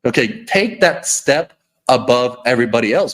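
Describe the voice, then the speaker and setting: A man's voice: medium pitch, expressive, moderate pace. A man hosting a podcast, giving a blunt, preachy motivational rant full of repeats and "okay?". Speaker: podcast host.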